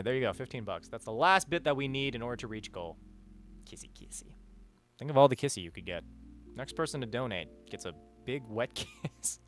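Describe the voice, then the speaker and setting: A man chatting casually on a livestream, reading out donations and rambling, swearing often. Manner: rambling, swears a lot, animated swings in pitch and loudness. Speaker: streamer. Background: faint music.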